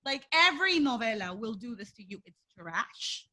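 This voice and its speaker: A woman's voice: on the high side, very animated, moderate pace, bright, forceful tone. A woman co-hosting a podcast, chatting casually and animatedly, laughing often and acting out what people said. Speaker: podcast co-host. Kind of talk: casual chat.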